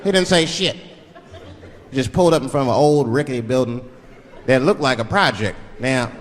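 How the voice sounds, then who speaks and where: A man's voice: medium pitch, normal speed. A man from Washington DC doing a stand-up comedy set, telling stories in a loose, profane way. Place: large live theater. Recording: live echoing hall with loud audience.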